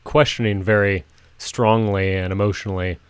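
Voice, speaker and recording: A man's voice: lowish voice, fairly even intonation, moderate pace, clean tone, dry recording. A man co-hosting a Christian podcast, adding short wry remarks to the chat. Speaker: podcast co-host. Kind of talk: casual faith chat.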